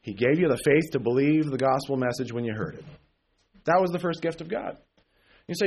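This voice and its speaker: A man's voice: a little high, very animated, brisk, long pauses, husky. A man preaching an informal sermon, blunt and sarcastic, with folksy asides. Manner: mocks emotional prayers in exaggerated voice.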